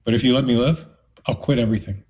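A man's voice: mid-range voice, fast, a little mellow, low-quality recording. A man in his fifties, an interview guest giving an earnest personal testimony and acting out the dialogue he quotes. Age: 50s.

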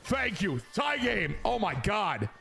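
A young man streaming a baseball video game, joking, swearing and shouting at big plays over game music. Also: a little high, expressive, normal speed. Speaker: gaming streamer. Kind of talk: excited video game commentary. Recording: game music playing behind.

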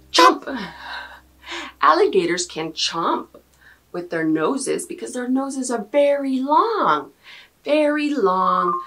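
A woman's voice: mid-range voice, fairly bright tone. A woman in her thirties leading a toddler circle-time lesson, switching between English and Spanish and making playful animal sounds. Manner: sing-song, exaggerated animal sounds and sneezes. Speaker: preschool teacher.

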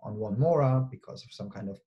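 A man presenting an academic conference talk, explaining step by step with pauses and frequent checks like "right?". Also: fairly low pitch, dull audio, a little hiss or hum. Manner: hesitant, with frequent pauses and fillers.

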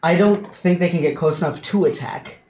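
A woman's voice: fairly low pitch, normal speed, darkish tone. A woman playing a tabletop role-playing game, talking casually with many restarts. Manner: casual, hesitant, lots of restarts. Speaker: player. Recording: echoey room with faint noise.

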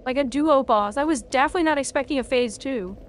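A woman streaming a video game, reacting loudly and swearing freely at each twist of the fight. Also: high voice, fast, slight background noise. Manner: excitable, swears a lot, talks at the game. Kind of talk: live gameplay commentary.

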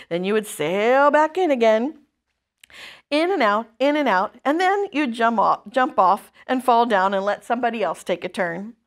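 Woman reading a chapter book to kids, expressive, slightly high voice. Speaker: children's ministry storyteller.

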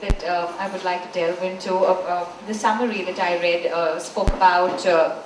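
A woman's voice: on the low side, fairly even intonation, normal speed. A woman moderating a book launch, asking questions hesitantly with lots of fillers. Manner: hesitant, many fillers and restarts. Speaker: event moderator. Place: bookstore event space. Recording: echoey room, far from mic, background noise.

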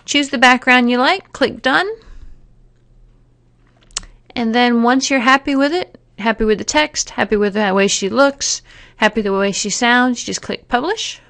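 A woman narrating a software tutorial, explaining each step plainly with occasional fillers. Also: fairly high pitch, measured pace. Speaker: teacher giving a software tutorial. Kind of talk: screen-recorded tutorial narration.

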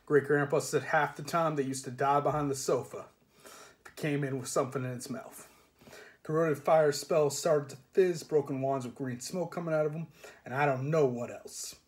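A man's voice: on the high side, steady tone, moderate pace, lightly acted. A man voicing a resentful working-class cart driver who mutters and grumbles in common speech. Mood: grumbling.

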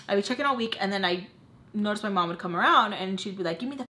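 A woman's voice: medium pitch, fast talker, pushed and bright. A woman in her twenties telling a candid storytime, rambling with lots of fillers and swearing. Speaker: vlogger. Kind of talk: casual storytime vlog.

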